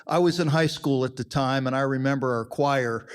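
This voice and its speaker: A man hosting a music show, asking interview questions and signing off, halting with repeated restarts. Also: mid-range voice, clear, resonant tone. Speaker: host.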